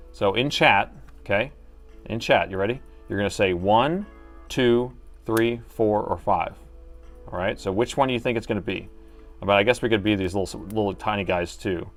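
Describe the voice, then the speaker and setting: A middle-aged man hosting a live repair stream, chatting and thinking aloud as he works and joking with his viewers. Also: fairly low pitch. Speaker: host and laptop repair technician.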